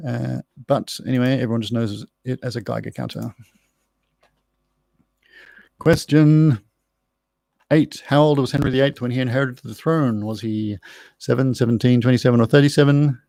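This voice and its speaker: This middle-aged Australian quizmaster speaks at a medium pitch with vocal fry and a dark tone, with no echo on the audio. On a live stream, he runs through pub quiz answers in casual chat, spelling out words along the way.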